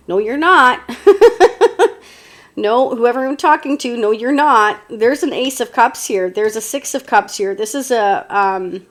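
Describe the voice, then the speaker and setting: A woman giving a casual, chatty tarot reading to viewers, meandering with many fillers and restarts. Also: medium pitch. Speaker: tarot reader.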